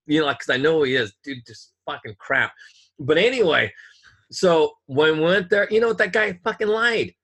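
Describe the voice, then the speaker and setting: A man's voice: a little high, lively intonation, moderate pace, a bit bright, slightly rough. A man in casual chat, telling a story in an angry, profane rant.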